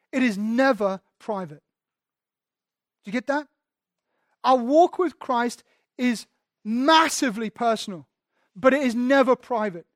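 A man's voice: very high-pitched, no echo, clean studio sound. A man preaching a sermon as pastor, candid and self-deprecating, often restarting his sentences.

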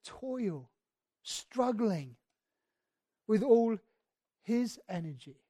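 A man preaching a sermon, who moves between quiet reflection and loud, emphatic passages, reads scripture aloud and slows on key words. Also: high-pitched, lively intonation, no echo, studio quality.

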